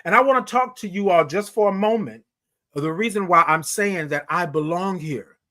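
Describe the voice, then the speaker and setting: Speaking at normal speed with a sharp tone, a high, light-voiced man gives a motivational morning-show monologue. He preaches at his audience, calls them "y'all," and repeats important lines to drive them home.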